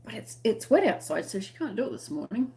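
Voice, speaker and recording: A woman's voice: a little high, sing-song, a little fast, mellow. Chatty Australian woman on a live stream. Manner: chatty, friendly, laughs often. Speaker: crochet channel host. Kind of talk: casual live-stream chat reading viewer comments.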